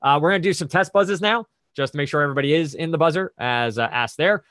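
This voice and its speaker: A man's voice: on the high side, fast, a bit bright, no room sound, studio quality. A man hosting a trivia quiz over a video call, explaining the rules and reading clues in a conversational, methodical way with chatty asides.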